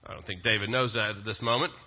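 A man's voice: on the low side, fairly even intonation, fast talker. A male pastor, preaching a sermon in a conversational style with joking asides. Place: church sanctuary. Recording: dull lo-fi sound with long reverb.

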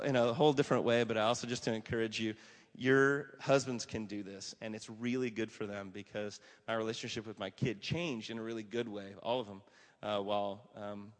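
A man in his forties, a pastor giving a casual, animated sermon with stories and lots of fillers. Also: medium pitch. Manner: animated, conversational, many fillers, acts out quotes. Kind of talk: casual sermon talk with storytelling. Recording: long hall reverb.

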